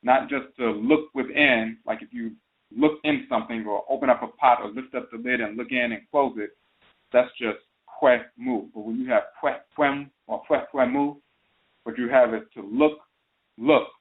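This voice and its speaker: A man's voice: mid-range voice, fairly even intonation, normal speed. A man hosting a talk radio broadcast, giving a spoken lecture and carefully repeating and spelling out terms as he explains them. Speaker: radio show host. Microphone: phone call into a talk radio show. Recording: tinny phone line.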